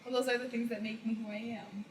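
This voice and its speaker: A woman's voice: on the high side, little pitch movement, quick pace. A young woman and musician, a guest in a casual podcast chat, who laughs often. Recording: distant mic with background chatter.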